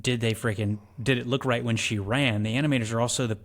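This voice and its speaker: A man's voice: medium pitch, fast talker. Man chatting casually on a movie podcast. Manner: animated storyteller, acts out quotes. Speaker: podcast co-host. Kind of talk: casual chat.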